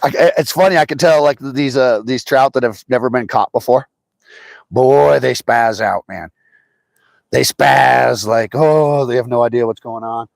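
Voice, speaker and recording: This fishing streamer talks in an unhurried, creaky mid-range voice on a dry recording. Standing beside a trout stream, he chats with viewers, calls them by name, and livens up whenever something bites.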